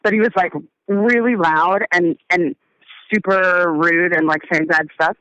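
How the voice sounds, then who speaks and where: A woman's voice: lowish voice, steady tone, unhurried, a bit bright, clear, resonant tone, no room sound, muffled recording. A woman musician chatting as an interview guest, meandering and hesitant, often trailing off mid-thought. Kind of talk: casual interview chat.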